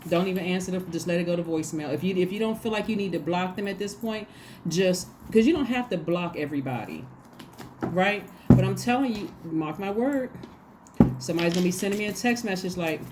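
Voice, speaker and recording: A woman's voice: mid-range voice, lively intonation, a little fast, heavy background noise. A woman giving a casual tarot reading, talking emphatically and acting out little quoted exchanges. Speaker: tarot reader.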